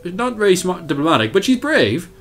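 A young man casually commentating his strategy game, animated, self-mocking and swearing at the game as he plays. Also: sits high, fairly quick. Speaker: let's play host.

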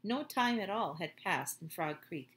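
A woman reading a children's book aloud in a gentle, expressive way. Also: lowish voice, measured pace, a little hiss or hum. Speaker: storyteller.

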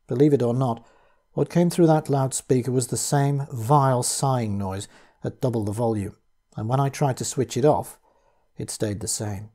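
A man reading a first-person horror tale aloud, his delivery measured and grave. His voice is mellow and warm, with a husky grain to it. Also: mid-range voice. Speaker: audiobook reader.

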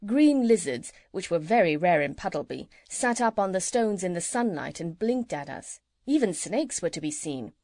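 A woman narrating a children's audiobook in a calm, measured storytelling manner. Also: lowish voice, no echo, clean studio sound. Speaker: audiobook reader.

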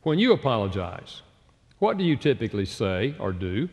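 A man's voice: fairly low pitch, big pitch swings, moderate pace, a little mellow. A man giving a chapel talk, telling stories and acting out quoted voices. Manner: storytelling, acts out quoted voices. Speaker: speaker. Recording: roomy hall reverb.

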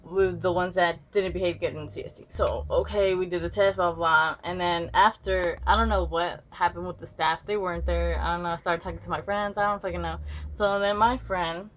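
A woman's voice: on the low side, fairly even intonation, fairly quick. A woman vlogger telling a school story casually, rambling with many fillers and free swearing. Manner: rambling, lots of "like", swears freely. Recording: slightly dull with faint noise.

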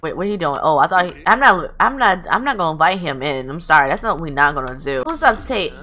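A woman's voice: low-pitched, very animated, quick pace, sharp tone. A woman hosting casual gameplay commentary, joking and swearing, squealing when surprised. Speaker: gaming channel host.

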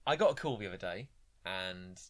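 A man's voice: low voice, fairly quick, a crowd in the background. A man co-hosting a podcast, telling rambling stories and acting out quotes in casual chat. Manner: rambling, animated storytelling with acted-out quotes. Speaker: podcast co-host.

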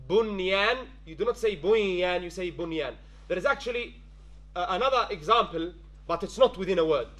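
A man's voice: high-pitched, a bit bright. A male tajweed teacher giving a classroom lesson, quizzing students with frequent checks and mixing in Arabic phrases. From London-based.

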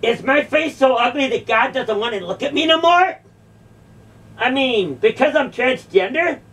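A woman's voice: high voice, expressive, moderate pace, a bit bright, far from the mic. A woman delivering a confrontational, mocking monologue, sarcastically repeating phrases back. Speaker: video creator confronting a church.

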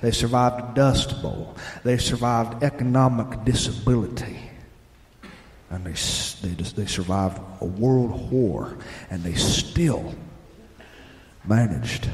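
A man, telling plainspoken, gently humorous stories live on a theater stage. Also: fairly low pitch, lively intonation, takes it slowly, a little hiss or hum. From Southern United States. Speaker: storyteller and radio host. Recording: echoey live theater with long reverb.

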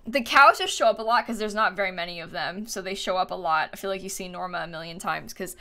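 A woman's voice: lowish voice, quick pace, pushed and bright. A young woman chatting casually on a live stream, thanking viewers with frequent fillers and laughs.

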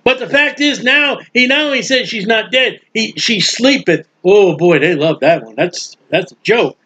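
A man teaching a Bible study sermon in a lively, animated way, playing out the voices of people in the story. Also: sits high, moderate pace, slightly rough. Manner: animated, acts out bystanders' mocking voices. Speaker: preacher. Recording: dull lo-fi recording.

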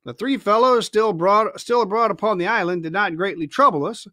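A man reading a classic adventure novel aloud with expressive storytelling. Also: sits high, a little fast, no echo, studio quality. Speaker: reader.

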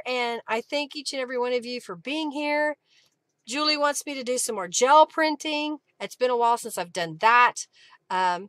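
A woman's voice: fairly high pitch, fairly bright tone, no echo. A woman hosting a live craft session, chatting casually and reading viewer comments aloud with frequent laughs. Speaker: craft livestream host.

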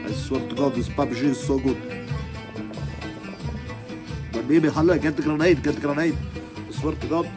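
A man playing an excited gamer yelling at teammates during a match. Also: fairly high pitch, normal speed, over music, natural voice. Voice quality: shouting, excited. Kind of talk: comedic phone prank skit.

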